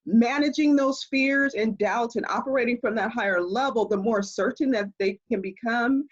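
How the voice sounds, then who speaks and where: A woman speaking as an expert guest in a conversational interview, explaining in an animated way and laughing often, heard over a video call. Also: on the high side, normal speed, slightly rough, lo-fi sound.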